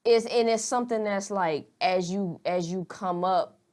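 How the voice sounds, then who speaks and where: A woman's voice: medium pitch, measured pace, darkish tone. A young woman, talking candidly and at rambling length in a casual podcast chat, swearing freely. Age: young adult.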